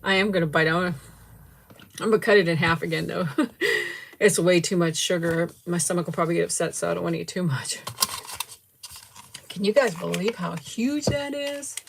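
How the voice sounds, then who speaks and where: A middle-aged woman with a lowish, gravelly voice talks briskly but pauses often, with slight noise in the background. She's hosting a casual livestream, tasting a sweet, giggling frequently and effusively thanking viewers by name.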